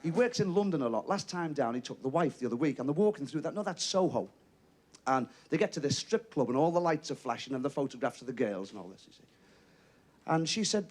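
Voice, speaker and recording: A man with a Liverpool accent doing a stand-up comedy routine, telling jokes and voicing characters in a TV studio. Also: on the high side. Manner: quick joke-telling with lively voiced characters. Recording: TV studio with audience laughter.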